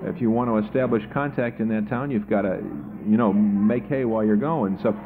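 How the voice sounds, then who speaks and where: Man, tired political candidate, chatty storyteller, low voice, tinny archival radio sound. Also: brisk. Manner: chatty storyteller, repeats words when starting sentences. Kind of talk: radio interview answers.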